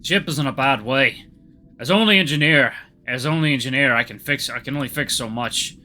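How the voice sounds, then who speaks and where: A man voicing a gruff male ship engineer with a Norwegian accent and clipped, broken phrasing. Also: mid-range voice, brisk, bright, forceful tone, soft background music, lightly acted. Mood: curt.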